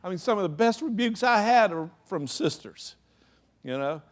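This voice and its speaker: Higher-voiced man preaching conversationally. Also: animated, normal speed. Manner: conversational preaching, frequent "you know"; acts out anecdotes with laughing asides. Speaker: pastor. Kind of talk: sermon.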